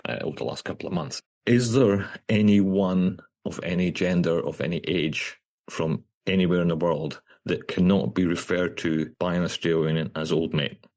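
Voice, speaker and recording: A man's voice: low voice, fairly even intonation, moderate pace, darkish tone. A Scottish man hosting a podcast in casual chat, chatty and dry, laughing often at his own jokes. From Scotland. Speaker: podcast host.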